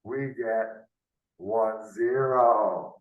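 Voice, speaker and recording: A man's voice: fairly low pitch, drawn-out words, narrow, tinny audio. A man tutoring math in a loose, unscripted lesson, thinking aloud and often ending with tag questions, heard over a video call. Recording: roomy, from off the mic.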